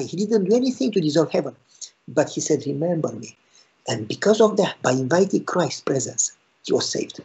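A man's voice: fairly high pitch, mellow. A man preaching a storytelling sermon as pastor, emphatic and repeating phrases for stress. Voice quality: raspy, gravelly. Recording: dull lo-fi recording.

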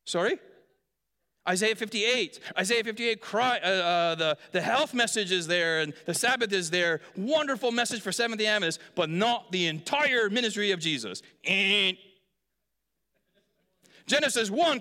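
The long reverb of a large hall surrounds a pastor with a high, sharp-toned voice as he delivers a sermon in a church hall. He jokes with the congregation and puts questions to them.

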